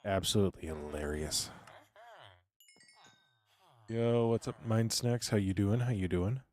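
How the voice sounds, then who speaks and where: A man with a very low, hoarse voice chats loosely through a live game stream. He rambles to himself and to his viewers, sometimes sliding down into a whisper. The talk is loose and unscripted, with a scratchy edge to the voice. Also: a little slow, darkish tone. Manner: rambling, talks to himself and chat; drifts into whispering. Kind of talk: casual live gameplay commentary.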